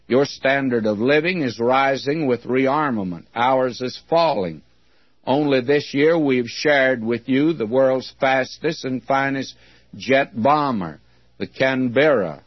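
A man preaching a sermon, reading scripture with deliberate emphasis. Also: medium pitch, no room sound. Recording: dull, dry lo-fi recording.

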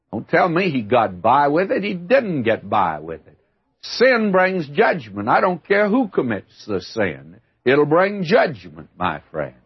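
A man's voice: medium pitch, breathy edge. An older man teaching the Bible in a folksy, emphatic way, calling the listener "my friend". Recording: dull lo-fi archival recording.

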